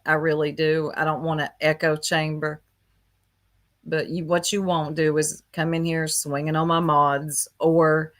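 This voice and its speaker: A woman hosts a casual livestream, gossiping with her chat, greeting viewers by name, and laughing a lot. Her voice is deep with a slightly bright tone.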